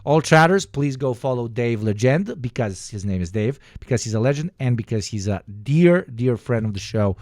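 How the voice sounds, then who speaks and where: A man's voice: mid-range voice, animated, normal speed, hardly any pauses, a little mellow, no room sound, studio quality. A man live-streaming and reacting to clips with sarcastic, profane jokes.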